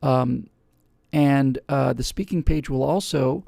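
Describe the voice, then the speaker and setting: A man's voice: mid-range voice, takes it slowly, vocal fry, warm tone, no echo, clean studio sound. A man hosting a live webcast, talking casually and rambling with many fillers and restarts. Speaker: host.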